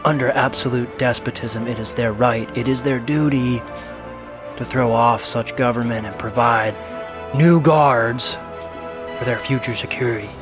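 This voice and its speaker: An earnest treasure hunter, played by an actor, speaks with quiet reverence in a film scene. His voice is of middling pitch, and clear score music plays behind him. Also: fairly even intonation, a little slow, lightly acted. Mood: reverent. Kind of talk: film dialogue.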